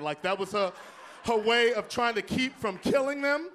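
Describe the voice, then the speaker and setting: Stand-up comic from Texas, a man, sassy and playful, on the higher side. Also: normal speed, a little hiss or hum. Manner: sassy, loud and playful, with sudden whoops. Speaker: stand-up comedian. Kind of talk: stand-up comedy set.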